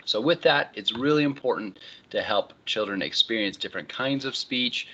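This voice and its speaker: Bright-voiced male instructor, lo-fi. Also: mid-range voice, moderate pace, slight background noise. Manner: relaxed, conversational, frequent "all right, so" transitions. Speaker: college instructor. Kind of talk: online lecture. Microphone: computer microphone.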